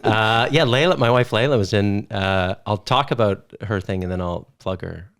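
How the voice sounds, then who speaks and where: A man in his thirties chatting casually as a podcast guest, rambling and correcting himself, with quick jokes. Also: fairly low pitch, creaky, a bit bright. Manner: rambling, self-correcting, joking. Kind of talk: casual chat.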